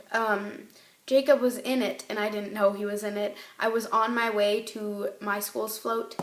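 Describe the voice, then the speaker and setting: A woman's voice: mid-range voice, fairly bright tone. Tearful teenage girl, echoey room. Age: teens. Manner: rambling, emotional, voice rising and breaking. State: tearful, crying. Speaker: vlogger. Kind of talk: tearful personal vlog.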